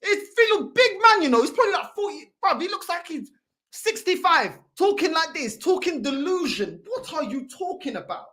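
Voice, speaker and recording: Shouting, high-pitched woman ranting. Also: sing-song, normal speed. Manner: shouting, exasperated, swearing, slangy. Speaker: fan channel host reacting to videos. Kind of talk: heated reaction rant.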